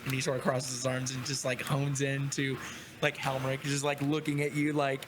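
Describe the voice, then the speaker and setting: A man's voice: medium pitch, monotone, a little fast, background noise. A man narrating as game master in loose, rambling narration broken by laughter.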